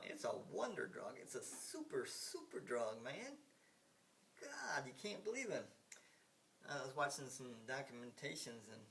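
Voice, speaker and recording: Older American man, mid-pitch, rambling and emphatic vlog monologue, recorded off-mic with hiss. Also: a bit bright. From United States. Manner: emphatic, repetitive, swears, frequent restarts and fillers. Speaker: vlogger. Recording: hissy, from some distance off the mic.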